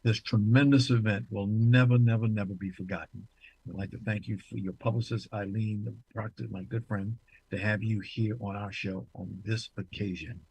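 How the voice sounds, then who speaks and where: Older guy hosting a talk show, husky voice, dry close sound, big announcer style with jokes. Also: flat delivery, normal speed, darkish tone, dry recording. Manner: booming, showman-like announcer delivery with playful asides. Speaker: host.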